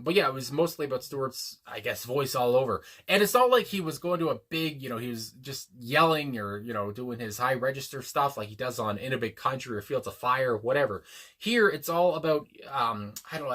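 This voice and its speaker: Male reaction host, mid-pitched and bright, earnest and rambling with lots of ums. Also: lively intonation, a little fast. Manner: rambling, hesitant, many fillers and restarts; earnest and reflective. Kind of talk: casual spoken reaction.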